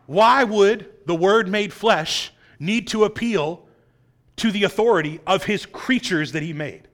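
A man with a notably high voice preaches a sermon through a passage. He leans hard on key points and keeps asking his listeners rhetorical questions. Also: unhurried, a bit bright. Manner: emphatic, asks rhetorical questions, acts out quotes. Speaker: pastor. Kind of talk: expository sermon.

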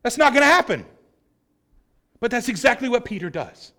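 A male pastor preaching a sermon, acting out quoted voices and swinging from loud outbursts to hushed lines. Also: very high voice, sing-song, moderate pace.

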